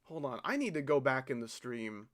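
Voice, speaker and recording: A man's voice: medium pitch, sing-song, moderate pace, a bit bright. A man streaming a game, talking in exasperated, incredulous bursts and swearing as he breaks down a failed attempt. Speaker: gaming streamer. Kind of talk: frustrated live gameplay commentary.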